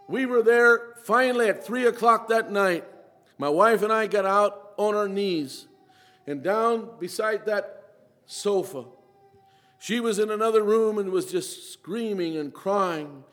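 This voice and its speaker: A high-voiced man delivers a sermon testimony with raw emotion. His delivery swings between hushed, low passages and urgent, pleading outcries. The sound rings with the long reverb of a large hall. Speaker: preacher giving testimony.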